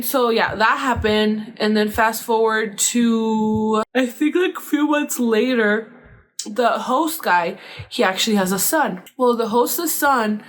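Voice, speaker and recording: A woman hosting her own podcast, telling a story in a loose, rambling way. Her voice sits at an ordinary middle pitch, and she leans on fillers and drops the odd swear word as she goes. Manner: rambling, filler-heavy retelling with casual swearing. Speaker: podcast host. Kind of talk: casual storytelling.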